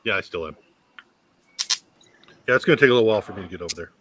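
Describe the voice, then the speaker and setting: A man chatting casually on a video call, relaxed and rambling, with some swearing. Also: fairly low pitch, very fast, slight background noise. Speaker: tasting participant.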